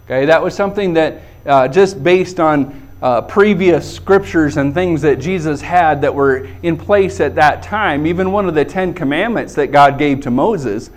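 Chatty pastor, higher-pitched man. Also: moderate pace, hardly any pauses. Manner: conversational, chuckling, says "okay" often. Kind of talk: sermon.

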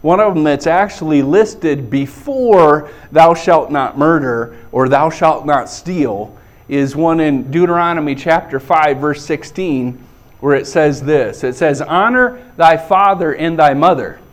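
Chatty pastor, higher-pitched man. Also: a little slow. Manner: conversational, chuckling, says "okay" often. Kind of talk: sermon.

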